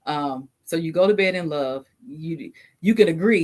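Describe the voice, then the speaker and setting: A woman's voice: low-pitched, moderate pace, hardly any pauses, a little mellow. A woman co-hosting a casual couple's podcast, thinking aloud with many restarts and easy laughter. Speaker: podcast co-host.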